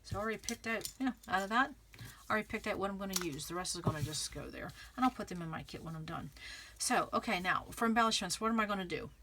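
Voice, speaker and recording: A woman's voice: medium pitch, quick pace, noisy background. A woman vlogging a scrapbooking tutorial, chatting casually and thinking aloud as she works, often checking in with the viewer. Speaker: craft vlogger. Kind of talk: casual crafting tutorial, talking while working.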